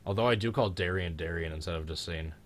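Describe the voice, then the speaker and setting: A man's voice: deep voice, quick pace, a little hiss or hum. A young man hosting a live stream, chatting casually and joking in a rambling way.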